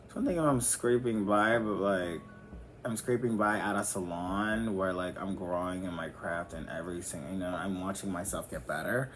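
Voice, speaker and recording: Over background music, a makeup vlogger rambles candidly through his tutorial, swearing freely as he chats. He speaks at a moderate pace in a low, slightly bright voice, with a bit of background noise.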